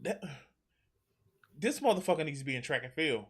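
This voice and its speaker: A man's voice: a little high, big pitch swings, a little fast, slightly rough. A man hosting a casual reaction chat show, talking in a loose, profane way. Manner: casual, profane, laid-back storytelling. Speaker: show host.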